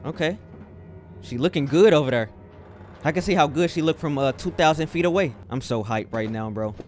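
A man's voice: a little high, fairly quick, darkish tone, slight background noise. A young man commentating his game, hyped and casual, using lots of slang into a headset. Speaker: gaming YouTuber. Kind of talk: let's play commentary. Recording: voice over game music.

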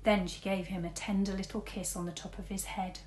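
A woman teacher reading a storybook aloud, lively, switching between big shouts and soft whispers for the characters. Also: mid-range voice, fairly quick, echoey room, slight background noise.

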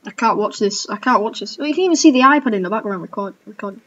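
A woman's voice: mid-range voice, animated, fast talker, a bit bright, highs cut off. A woman giving casual reaction commentary as a gaming YouTuber, who keeps exclaiming, cringing and laughing at herself.

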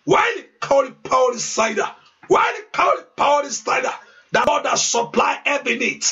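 Man pastor, fervent shouted prayer, gravelly and sharp-edged. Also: extremely high pitch, animated, a little fast. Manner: fervent, repetitive, shouted pleas, speaking in tongues. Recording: distant, dull lo-fi sound.

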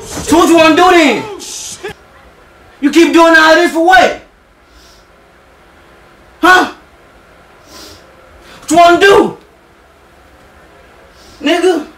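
A man's voice: extremely high pitch, takes it slowly, pauses often, bright, forceful tone. A young man in a heated casual argument with his girlfriend, talking in slang and laughing off her anger. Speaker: vlogger. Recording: echoey room from far off.

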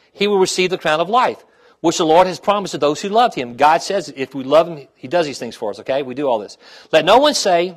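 Here a middle-aged man preaches a sermon in a slightly high voice, asking "okay?" and "amen?" to stay connected with the congregation. He becomes quiet and tender when he shares his personal trials.

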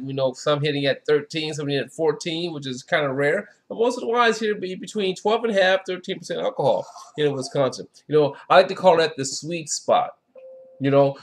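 Chatty man reviewing wine. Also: fairly high pitch. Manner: chatty, enthusiastic, lots of "you know". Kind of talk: casual wine tasting review.

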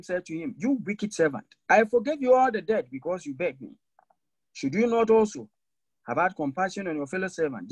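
A man preaching a sermon to a church congregation, swinging between raised, pointed lines and sudden low, emphatic drops. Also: slightly rough, no echo, low-quality recording. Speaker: Methodist preacher.

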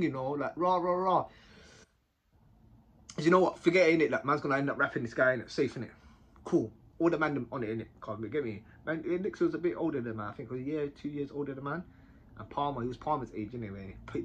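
A young man tells a story to his viewers, animated and full of slang, tagging his sentences with quick questions. His voice sits high for a man and sounds husky, with a bright, sharp edge to it. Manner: animated, slang-heavy, keeps adding tag questions. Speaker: vlogger telling a prison story. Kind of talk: casual storytelling to camera.

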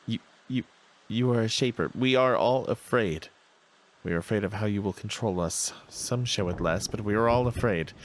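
Nervous female servile villager read by a man, halting and slow, low voice. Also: natural voice, low-quality recording. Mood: fearful.

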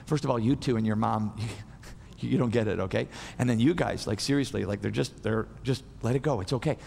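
A tender, soft-spoken male teacher who gathers his followers with easy, reassuring words, as a preacher puts him on. His voice sits noticeably lower than the preacher's own and carries the long reverb of a big hall. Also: fairly quick, vocal fry, a little hiss or hum, natural voice. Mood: gentle. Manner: gentle, reassuring, casual.

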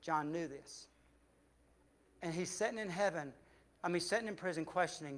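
High-voiced preaching Southern pastor. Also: male voice, normal speed, pauses often. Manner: emphatic preaching, swings from loud to hushed. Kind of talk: sermon. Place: church sanctuary.

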